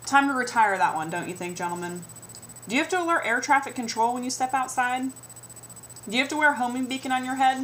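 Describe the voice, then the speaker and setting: A woman's voice: on the high side, fairly bright tone, a little hiss or hum, rough recording. A young adult woman vlogging a sarcastic comedic rant, mimicking the comments people make to her.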